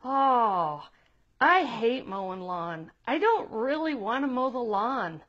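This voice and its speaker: A reluctant child who hates chores whines and hedges in a high, lifted voice, as a woman puts the kid on. The audio is dull and lo-fi. Every answer comes out hesitant. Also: animated, slow, a bit bright, heavily acted. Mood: whiny. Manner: whiny, hesitant.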